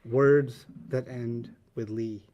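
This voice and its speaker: A man's voice: mid-range voice, fairly even intonation, slow pace, dark tone, lo-fi sound. A man teaching a class, playful and teasing, laughing easily with his students.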